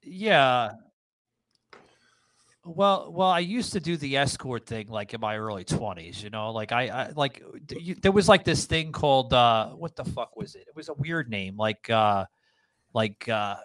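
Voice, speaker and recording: A man's voice: mid-range voice, lively intonation, measured pace, a bit bright, no echo. A man co-hosting a podcast, telling a long story in crude casual chat, full of fillers and swearing. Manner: rambling storyteller, heavy swearing, many fillers. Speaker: podcast co-host.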